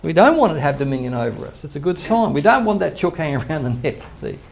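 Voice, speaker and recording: Gravelly older man preaching a sermon. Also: a little high, big pitch swings, fast. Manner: earnest preaching, quotes scripture, chuckles to himself. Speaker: pastor. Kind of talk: sermon teaching.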